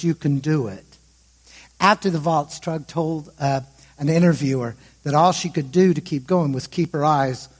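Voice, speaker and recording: A man's voice: fairly high pitch, darkish tone, breathy edge. A man preaching, telling a story to his congregation and building suspense as he goes. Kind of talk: sermon storytelling.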